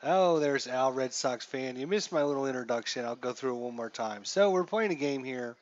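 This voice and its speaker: Male streamer, casual commentary, stat-heavy, mid pitch. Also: a little fast, dull audio. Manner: chatty, reels off stats, rises for big plays. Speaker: streamer playing a baseball simulation.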